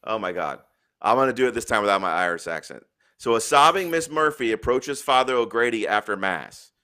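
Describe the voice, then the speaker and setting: A man's voice: on the low side, animated, a little fast, pushed and bright, clean tone. A man hosting a live stream, talking bluntly and profanely in an opinionated rant, then telling jokes and reading a news story aloud. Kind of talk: opinionated casual talk.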